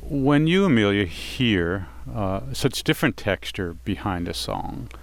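A man interviewing musicians, halting and repeating himself, often laughing. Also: lowish voice, animated, creaky, no room sound. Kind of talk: casual interview.

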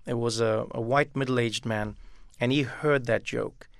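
A man gives a thoughtful interview answer, often doubling back on his words. His voice is gravelly at the bottom of its range. The sound is close and dry, with no room at all. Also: medium pitch, steady tone, a little slow, no room sound. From South Africa. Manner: thoughtful, repeats words as he thinks. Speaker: comedian guest. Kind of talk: reflective interview talk.

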